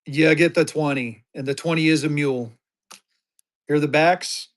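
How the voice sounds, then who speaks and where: A man with a slightly high voice runs a live-stream auction, upbeat and chatty. He talks bidders up and keeps the sale moving. It sounds like a home streaming setup. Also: steady tone, moderate pace.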